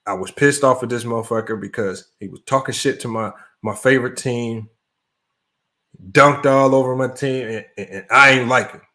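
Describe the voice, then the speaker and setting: A man's voice: mid-range voice, normal speed. Emphatic man hosting a sports debate stream. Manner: animated, emphatic, repeats "man" often. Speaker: sports debate livestream host. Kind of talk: casual livestream rant.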